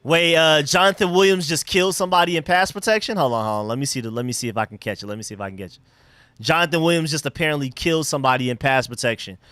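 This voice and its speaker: Man, livestream host, bright voice, slightly high, dry room, chatty and excited. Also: racing, no echo. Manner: excited, chatty, talks to chat and his dogs. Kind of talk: casual live football commentary.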